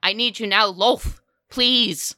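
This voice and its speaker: A woman's voice: lowish voice, animated, measured pace, sharp tone, no echo, full character voice. A woman voicing a furious, imperious ancient drow matron mother in a tabletop game. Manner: commanding, outraged.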